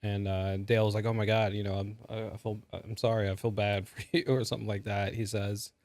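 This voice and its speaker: A man's voice: lowish voice, level tone, brisk, a little mellow, no echo. A man co-hosting a podcast, recapping a movie in a rambling, casual way with lots of fillers. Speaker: podcast co-host. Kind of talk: casual movie review chat.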